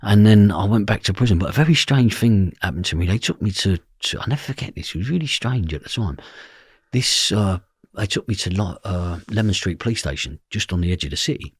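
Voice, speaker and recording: A man's voice: lowish voice, expressive, fairly quick, breathy edge, no room sound, clean studio sound. A man telling a story from his past, blunt and swearing freely, often asking "do you know what I mean". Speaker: podcast guest. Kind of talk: personal storytelling.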